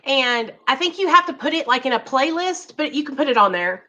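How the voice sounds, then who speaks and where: A woman's voice: high-pitched, expressive, fairly quick, bright, forceful tone. A woman hosting a livestream interview, chatty and supportive, reading viewer comments aloud. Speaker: host.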